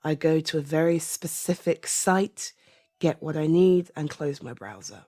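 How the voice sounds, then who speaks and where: A British woman in her thirties, an audio creator, giving a soft-spoken personal opinion monologue, halting and often trailing into a whisper. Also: sits low, no echo, studio quality. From Britain. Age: 30s.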